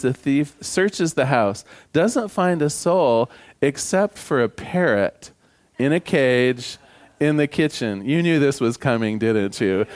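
A man preaching a sermon as pastor, conversational and humorous, telling jokes to his congregation. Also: fairly high pitch.

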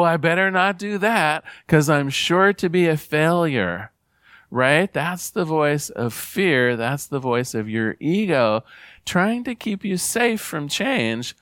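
A man giving an earnest spiritual talk, reading passages aloud and repeating key phrases gently. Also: fairly high pitch, no room sound, studio quality. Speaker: spiritual teacher.

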